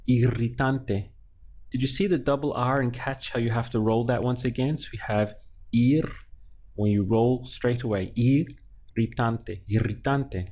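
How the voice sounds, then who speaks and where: A man's voice: medium pitch, steady tone, normal speed, a little mellow. A man teaching a language lesson, patiently splitting words into syllables and repeating them. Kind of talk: slow, clear language lesson.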